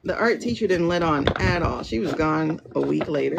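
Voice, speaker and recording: Chatting from home, a tarot reader on a phone livestream greets her viewers by name while rambling casually. She has a low, gravelly, expressive voice at normal speed, barely pausing, and the lo-fi stream is full of loud noise.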